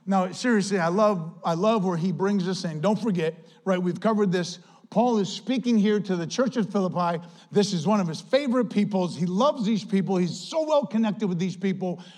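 A high-pitched man, serving as pastor, preaches a sermon in a chatty, animated way. He tells a story packed with "like" and acted-out quotes.

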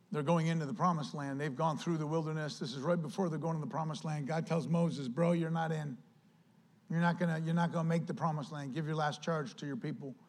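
A male pastor preaching a sermon with lively delivery, acting out quoted voices. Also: on the high side.

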